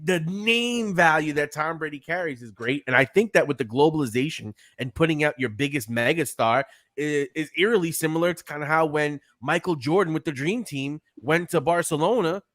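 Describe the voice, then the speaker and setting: A man's voice: fairly high pitch, a little fast, a bit bright. A man chatting about sports on a podcast, rambling with lots of fillers. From United States. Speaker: podcast analyst. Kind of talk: casual sports talk.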